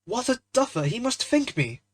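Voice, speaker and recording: A man's voice: very high-pitched, very animated, normal speed, no room sound, voice pushed up, full character voice. A man voicing a poor, charming young man who sounds sulky, flustered and stammering, in a storybook reading.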